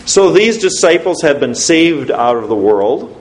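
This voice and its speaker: Lively preacher in an echoey church. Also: male voice, a little high, a little slow. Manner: quizzes the congregation with questions. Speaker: pastor. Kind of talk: sermon. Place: church sanctuary. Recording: roomy church echo.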